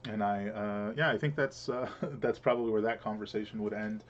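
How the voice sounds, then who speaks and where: A man's voice: lowish voice, fairly quick, highs cut off, slight background noise. Man, game master, tabletop game narration, rambling, many restarts.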